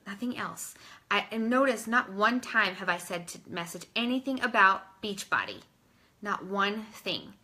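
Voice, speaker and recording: Slightly high and bright, this woman's voice has a pushed quality. Giving her team some casual coaching, she keeps things chatty and informal, dropping "like" often and calling her listeners "you guys".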